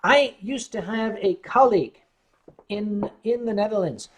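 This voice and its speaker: A man's voice: sits high, unhurried, a little hiss or hum. An American man hosting a casual livestream, telling rambling stories with frequent stammered restarts. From United States. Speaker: livestream host.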